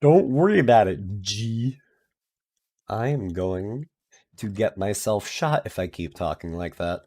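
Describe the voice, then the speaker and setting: A man's voice: fairly low pitch, lively intonation, a little slow, mellow. A man streaming a game, chatting casually in a rambling, self-mocking way with playful voice bits. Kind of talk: casual chat while playing a game.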